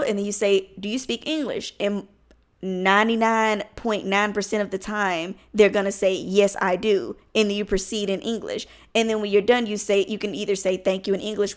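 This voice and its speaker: A young woman talking to her camera in a loose, unscripted vlog. She is candid and blunt, swearing freely and jumping from thought to thought with restarts. Her voice sits at an ordinary middle pitch. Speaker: vlogger. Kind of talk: casual talking-head vlog.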